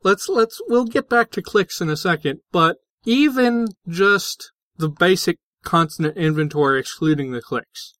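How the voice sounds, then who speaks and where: A man's voice: sits high, lively intonation, unhurried, few pauses, a bit bright, no echo. A man co-hosting a podcast, explaining linguistics in a casual, hesitant way with many fillers and restarts. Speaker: podcast co-host.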